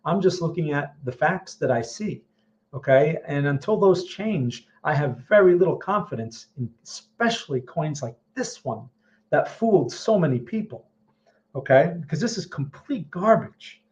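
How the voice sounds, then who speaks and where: A man's voice: a little high, lively intonation, moderate pace, darkish tone, muffled recording. A man hosting a live-stream chart analysis, blunt and emphatic, often asking "okay?". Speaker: trading analyst host.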